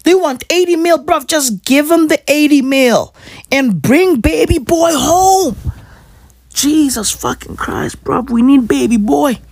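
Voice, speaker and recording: A woman's voice: high voice, lively intonation, takes it slowly, a little mellow, no room sound, studio quality. A woman ranting casually as a football fan, slangy and repetitive, pleading over and over. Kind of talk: casual rant to camera.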